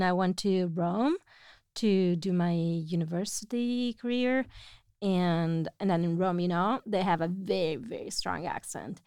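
A woman's voice: mid-range voice, a little mellow, smooth, no room sound, studio quality. Chatty woman, often laughing. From Italy. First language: Italian. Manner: chatty, laughs often, many fillers and restarts. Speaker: language teacher. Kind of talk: casual conversational storytelling.

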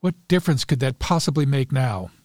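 A man's voice: medium pitch, expressive, brisk, a little mellow, no room sound, studio quality, close to an everyday voice. A man reading as a frantic, desperate wife. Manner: pleading, breathless urgency. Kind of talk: read-aloud story dialogue.

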